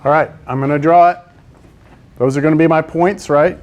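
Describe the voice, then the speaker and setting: A man's voice: fairly high pitch, fairly even intonation, normal speed, darkish tone. A male math teacher, teaching a class in a classroom and quizzing his students as he works through problems. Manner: coaxing, quizzes students with frequent "right?". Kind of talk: classroom lecture.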